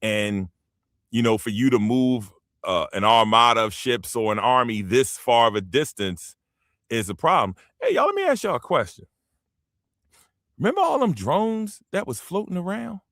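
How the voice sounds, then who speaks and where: Speaking a little slowly in a medium pitch, this American show host rambles through casual opinions with animated emphasis, talking right to his listeners. There's no echo, and the studio sound is clean.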